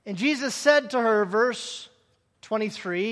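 Man, preacher, very high voice, rhetorical questions, long hall echo. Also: normal speed. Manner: animated, acting out scripture scenes with rhetorical questions. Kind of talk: sermon.

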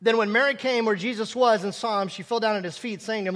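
A man's voice: high-pitched, quick pace, a bit bright, in a large hall. A man preaching a sermon, acting out scripture scenes and asking rhetorical questions.

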